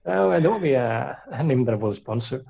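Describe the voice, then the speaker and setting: A man's voice: mid-range voice, lively intonation, fairly quick, gravelly, a crowd in the background. Giggly young man reading fan fiction. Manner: giggly, breaks into laughter often. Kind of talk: comedic dramatic reading with commentary.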